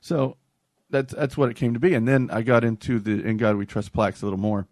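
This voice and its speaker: A man's voice: medium pitch, fairly even intonation, a little fast, darkish tone, dry recording. A man from North Carolina hosting a podcast in casual, joking chat with frequent restarts. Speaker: podcast host.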